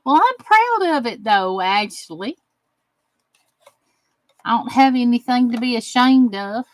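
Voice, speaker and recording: Southern woman craft host, chatty and folksy, slow drawl, slightly high voice. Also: expressive, no echo, low-quality recording. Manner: chatty, warm-hearted, drawling with folksy phrases. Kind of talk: casual livestream chat while crafting.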